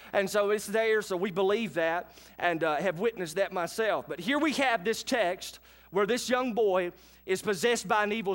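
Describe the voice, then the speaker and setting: High-voiced pastor preaching earnestly. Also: male voice, fairly bright tone. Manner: earnest preaching with vivid storytelling and direct questions to the congregation. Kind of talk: sermon.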